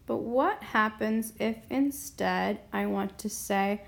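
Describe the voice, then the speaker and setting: A woman's voice: mid-range voice, slow, vocal fry. A woman teaching a language grammar lesson at a whiteboard, patient and explaining step by step. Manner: patient, explains step by step, often asks "okay?". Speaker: Spanish teacher.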